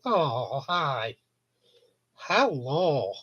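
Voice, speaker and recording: A man's voice: mid-range voice, sing-song, drawn-out words, a bit bright, breathy edge, muffled recording. A man chatting casually on a live stream, telling rambling stories with frequent chuckles. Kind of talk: casual chat with viewers.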